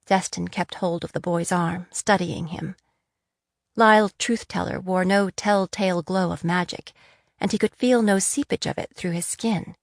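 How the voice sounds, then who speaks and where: A woman narrating a fantasy audiobook in a measured, steady reading. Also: on the low side, creaky, no echo, clean studio sound. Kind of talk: scripted narration.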